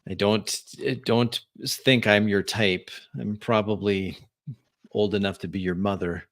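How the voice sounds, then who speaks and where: A man's voice: fairly low pitch, fairly even intonation, unhurried, a bit bright. A man voicing a shrewd older woman in a tabletop game who talks in a dry, knowing way.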